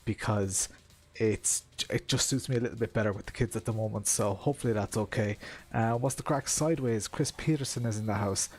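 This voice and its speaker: A man's voice: mid-range voice, a little mellow, husky. An Irish man in his thirties chatting casually on a live stream, greeting viewers by name and laughing often. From Ireland. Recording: music playing behind.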